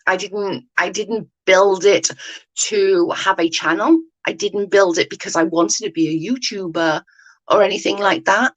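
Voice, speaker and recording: With a voice on the low side yet fairly bright, a female YouTube commentator talks through a casual livestream, reading out viewer comments on a rough recording. She rambles and corrects herself, often asking whether listeners get it: "do you know what I mean."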